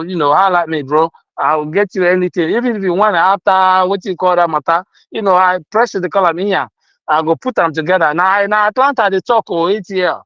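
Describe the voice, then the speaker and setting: A man's voice: sits high, a bit bright, no echo, dull audio. A man with a Nigerian accent in casual political chat, talking animatedly and mixing Pidgin with English. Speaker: guest speaker.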